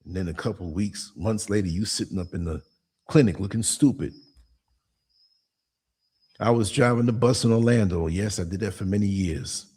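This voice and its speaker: A man's voice: fairly low pitch, normal speed, long pauses, dark tone, slightly rough. A man in his sixties hosting a podcast, telling blunt, streetwise stories and acting out quotes as he goes. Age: 60s. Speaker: podcast host. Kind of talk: casual monologue commentary.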